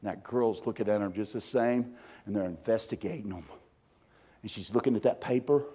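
A man preaching a sermon and telling a story in an animated way, swinging from loud bursts down to hushed tones. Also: on the low side, a little fast, husky.

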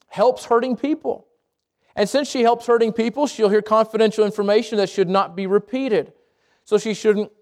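A man preaching a sermon to a congregation, lively and conversational, with jokes, asides and quick self-corrections. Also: sits high. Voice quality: speaks around braces. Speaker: pastor.

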